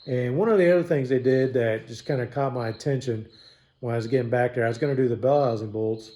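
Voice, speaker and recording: A man's voice: medium pitch, fast talker, warm tone. A man filming a casual vlog in his home garage while working on a truck, talking loosely with lots of swearing and some sarcasm. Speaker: DIY mechanic vlogger.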